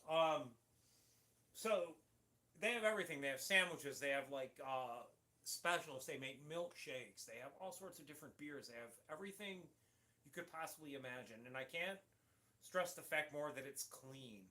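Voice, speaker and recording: A man's voice: on the high side, expressive, normal speed, pushed and bright. A middle-aged man from Syracuse, New York, rambling through a casual livestream chat with many restarts. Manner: rambling, chatty, frequent restarts. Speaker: livestream host.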